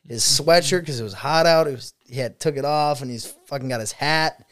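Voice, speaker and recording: A young man who is a student teacher tells stories in a casual chat, swearing freely and laughing as he goes, an animated and profane storyteller. His voice is fairly high and fairly quick, with no echo.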